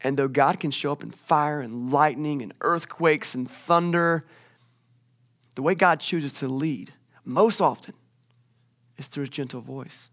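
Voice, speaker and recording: A man in his forties giving a sermon as a youth pastor, talking conversationally and moving between hushed and emphatic delivery. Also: fairly high pitch, unhurried.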